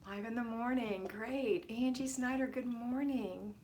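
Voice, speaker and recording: A woman's voice: on the high side, fairly even intonation, measured pace, darkish tone. A middle-aged woman hosting a casual homemaking livestream from home, greeting viewers by name in an affectionate, chatty way. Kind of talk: casual live-stream chat.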